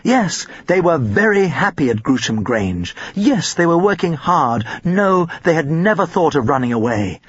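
A man narrating an audiobook in an expressive storytelling manner with a husky voice. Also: fairly high pitch, unhurried, few pauses, no echo, lo-fi sound.

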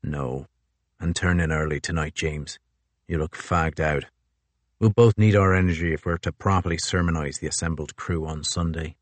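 A man's voice: a bass voice, moderate pace, no room sound. Man doing a curt, weary sea captain. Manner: curt, unenthusiastic. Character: weary, gruff older male naval captain. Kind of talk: audiobook character voice.

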